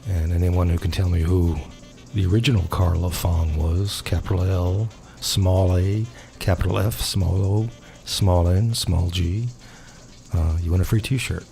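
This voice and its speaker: A man's voice: low voice, steady tone, measured pace, gravelly, mellow, soft background music. An older man hosting a comedy podcast, chatting hesitantly and with self-deprecating humor. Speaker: host. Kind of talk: casual comedy banter.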